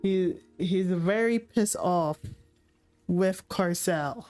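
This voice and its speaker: A woman's voice: on the low side, drawn-out words, long pauses, a little mellow, soft background music. A woman streamer casually retelling a story, rambling, swearing and laughing.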